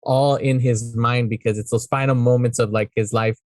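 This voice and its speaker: A man's voice: medium pitch, fairly even intonation, moderate pace, darkish tone, no echo. A man co-hosting a casual podcast, talking through a movie with lots of swearing and acted-out bits of dialogue. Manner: rambling, profane, acts out scenes. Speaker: podcast co-host.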